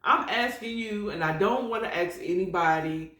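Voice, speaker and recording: A woman's voice: mid-range voice, moderate pace, a bit bright, reverberant. A woman hosting a casual solo morning chat podcast, rambling and chatty with prayerful asides. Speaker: podcast host.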